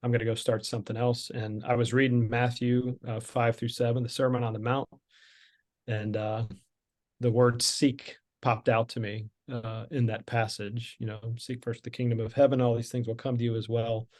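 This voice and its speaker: A man's voice: medium pitch, little pitch movement, normal speed, darkish tone. A middle-aged man telling his story as a podcast guest, candid and conversational with frequent fillers and restarts.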